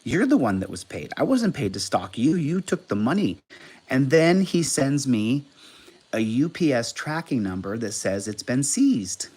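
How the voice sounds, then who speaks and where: A man hosting a casual livestream, talking at an everyday pitch for a man. His delivery is combative and profane, and it swings from loud bursts down to quiet mutters. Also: very animated, measured pace, husky. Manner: swings between loud outbursts and low mutters. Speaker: livestream host. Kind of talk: casual livestream commentary reading out texts.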